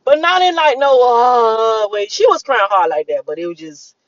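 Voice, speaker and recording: A woman's voice: a little high, lively intonation, normal speed, no room sound, muffled recording. A woman vlogging while driving home, talking to her viewers in a rambling, emotional, profane way with lots of fillers. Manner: emotional, profane, repetitive storytelling with many fillers. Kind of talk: casual rambling monologue.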